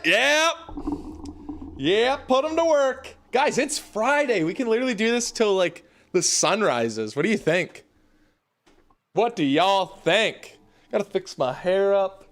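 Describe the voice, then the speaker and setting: Young male streamer, lively rising voice, casual hype host from home. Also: high-pitched, unhurried. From Canada. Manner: hyped, talks to chat, calls viewers baby and y'all. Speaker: livestream host. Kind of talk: casual livestream chat. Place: home basement room.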